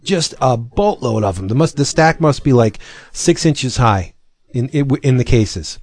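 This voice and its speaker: A man's voice: mid-range voice, animated, a little slow, a little mellow. A man co-hosting a podcast in casual chat, joking and stumbling over repeated words. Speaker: podcast co-host.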